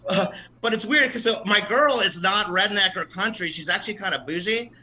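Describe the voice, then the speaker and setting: A man's voice: high voice, a little fast, sharp tone, rough recording. A man from the American South doing a casual, profane stand-up set at an open mic, laughing at his own jokes. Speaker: stand-up comedian.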